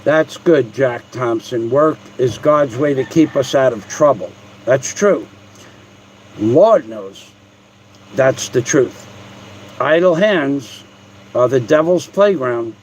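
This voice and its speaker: A man's voice: mid-range voice, lively intonation, takes it slowly, slight background noise, low-quality recording. A man hosting a livestream at home, talking in a mocking, profane, rambling way with restarts. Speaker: livestream host. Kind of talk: casual livestream rant.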